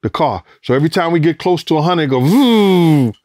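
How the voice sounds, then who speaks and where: A middle-aged man who used to be a bodyguard rattles off a story rapid-fire in a casual interview, his voice on the high side. It's an animated, profane telling, with impressions of other people and gunshot sounds.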